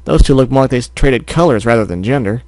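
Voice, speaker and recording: Reading fan fiction as an amateur audiobook, a man sometimes trips up and corrects himself along the way. He speaks fast in a medium-pitched, darkish-toned voice with no echo.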